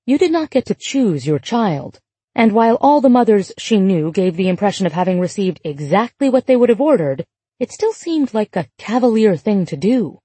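A woman reading an audiobook in a measured, even storytelling voice. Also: medium pitch, slightly rough, no echo. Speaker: audiobook narrator. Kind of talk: scripted narration.

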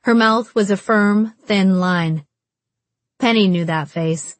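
Brief: female audiobook narrator, measured and wry, unhurried delivery. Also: mid-range voice, no echo.

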